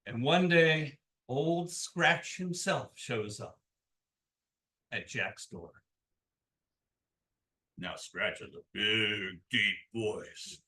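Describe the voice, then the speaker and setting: A man telling a folk tale at a live story swap, in an animated, folksy way with chuckles. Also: medium pitch, drawn-out words, pauses often.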